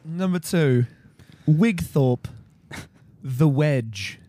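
A man's voice: fairly high pitch, expressive, mellow, no echo. A man hosting a casual podcast chat and playfully reading out a quiz game. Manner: playful, rapid-fire reading of lists.

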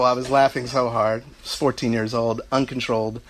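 A man's voice: medium pitch, fairly even intonation, a little fast, few pauses, background noise. A middle-aged man giving a heartfelt speech about his parents, telling family anecdotes and laughing through them. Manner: storytelling, warm asides, laughing through anecdotes.

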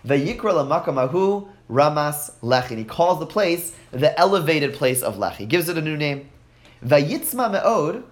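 A man teaching a class, reading verses aloud and translating them, often praising his students' answers. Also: medium pitch. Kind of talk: classroom text study.

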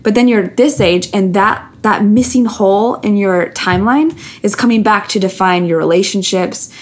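A woman's voice: medium pitch, moderate pace. A woman, a podcast guest, talking candidly and earnestly, telling personal stories with many restarts and fillers.

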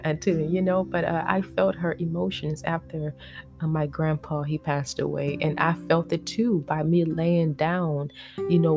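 A woman with a low, gravelly voice recalls her family on a podcast. She speaks in a reflective, emotional way, often pausing with "uh" and "you know". Soft guitar plays faintly behind her. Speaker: podcast host. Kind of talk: personal storytelling podcast.

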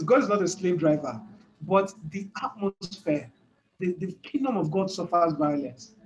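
A man preaching a sermon with emphatic, repetitive phrasing and a fairly high voice for a man. He often laughs between points and drives each idea home by saying it again. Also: poor audio.

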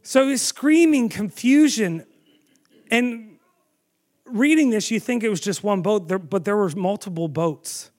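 A man preaching a sermon, telling the story with animated storytelling and asking the audience questions. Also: high-pitched, a little slow.

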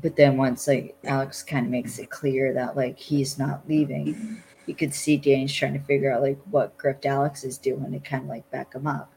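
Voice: mid-range voice, level tone, normal speed, gravelly, darkish tone, slight background noise, rough recording. A podcast host casually recapping a TV episode, loose and rambling with lots of "like" and some blunt swearing.

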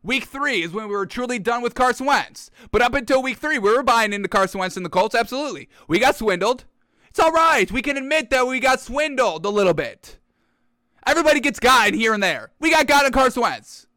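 A man's voice: very high-pitched, animated, fairly quick, pushed and bright, dry recording. A man hosting a sports show, ranting brashly and mockingly about football teams and players while calling his viewers "folks". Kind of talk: animated sports opinion rant.

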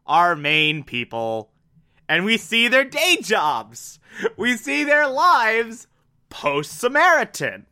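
A man casually and excitably recapping a TV episode, acting out the characters as he goes. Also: a little high, clear, resonant tone. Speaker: TV show recapper.

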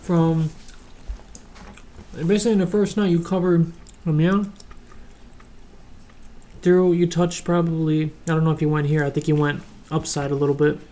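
A man's voice: fairly high pitch, level tone, normal speed, long pauses, warm tone. A man in casual conversation, laid-back and teasing, swearing now and then. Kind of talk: casual chat.

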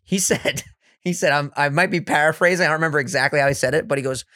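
A man co-hosting a casual podcast, excitable and laughing often, swearing freely as he tells stories. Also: on the high side, quick pace, no room sound, studio quality. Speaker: podcast co-host.

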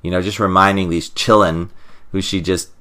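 A very deep-voiced man co-hosting a casual podcast, walking his partner through a comic's plot. He meanders and fills the gaps with "uh" and "you know," backtracking often. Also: fairly even intonation, moderate pace, bright, forceful tone, smooth. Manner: rambling, full of fillers and restarts. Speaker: podcast co-host. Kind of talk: casual comic recap chat.

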